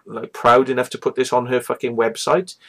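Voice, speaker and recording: A man's voice: medium pitch, flat delivery, brisk, a bit bright. A man hosting his own show, ranting casually with lots of swearing, scorn and rambling asides. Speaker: host. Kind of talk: casual profane rant.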